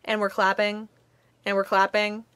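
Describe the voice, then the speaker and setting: A woman's voice: mid-range voice, completely flat delivery, normal speed, fairly bright tone, smooth, dry recording. Young woman, Minnesotan accent, podcast co-host, giggly, filler-heavy, dry sound. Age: young adult. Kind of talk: casual chat.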